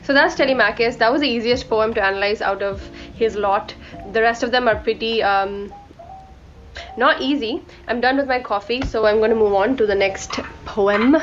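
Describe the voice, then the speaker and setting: Young woman, book vlogger, from India, chatty and rambling, high voice, muffled audio with faint music. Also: normal speed. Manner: chatty, rambling, corrects herself mid-sentence. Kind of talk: casual book review chat.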